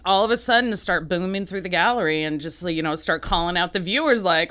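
A woman artist answering interview questions, halting with many restarts and often laughing. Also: lowish voice, expressive, bright, forceful tone, clear, resonant tone. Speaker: artist, guest. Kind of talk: interview conversation.

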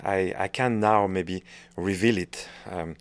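This middle-aged French conductor has a deep voice and a slow pace. Answering interview questions in French-accented speech, he hesitates, hunts for words and frequently starts over.

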